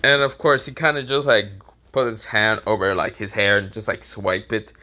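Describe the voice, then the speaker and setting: A man's voice: fairly low pitch, moderate pace, sharp tone. A man casually telling a fan-made story, rambling, searching for words and laughing at his own jokes.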